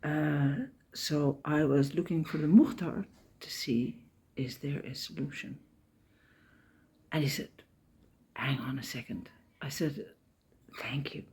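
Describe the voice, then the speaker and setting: Slow-talking breathy woman vlogger. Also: low-pitched, a little mellow. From Ireland. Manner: chatty storytelling, retelling conversations. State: emotional, near tears. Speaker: walking pilgrim vlogger. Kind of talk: casual travel vlog.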